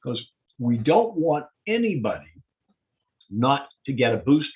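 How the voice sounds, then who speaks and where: Physician explaining data over a tinny line. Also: male voice, medium pitch, sing-song, a little slow. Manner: plain-spoken, explanatory, walking through data step by step. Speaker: physician giving a public health update. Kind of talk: presenting slides to a community.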